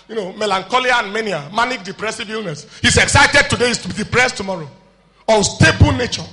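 Preaching in a big-room space, a man alternates between shouted declarations and low, quiet asides, often calling out questions to the congregation during his sermon.

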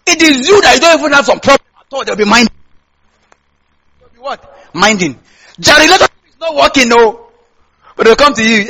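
A man's voice: very high-pitched, animated, fairly quick, pauses often, pushed and bright, slightly rough, rough recording. A male pastor from Nigeria with a Nigerian accent, preaching a sermon and tossing questions back to the congregation.

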